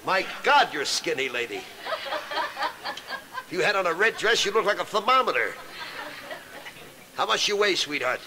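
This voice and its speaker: Brash high-voiced stand-up comic. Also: male voice, sing-song, background noise. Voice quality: brash, rapid-fire insult comedy. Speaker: stand-up comedian. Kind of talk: raunchy stand-up routine.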